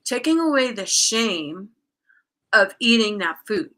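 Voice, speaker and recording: A woman speaks as a guest in a relaxed, conversational exchange, with a bright, forward tone. She tells a personal story openly, leaning on fillers like "um" and "you know" and restarting her sentences as she goes. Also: mid-range voice, takes it slowly. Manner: candid, storytelling with frequent fillers. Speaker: guest, coach. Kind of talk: casual conversation.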